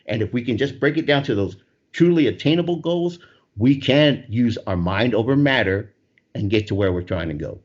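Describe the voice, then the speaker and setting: Husky-voiced man on a lively podcast. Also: mid-range voice, normal speed. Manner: motivational, breaks ideas into small steps. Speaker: podcast co-host. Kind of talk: casual podcast chat. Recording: dull lo-fi sound.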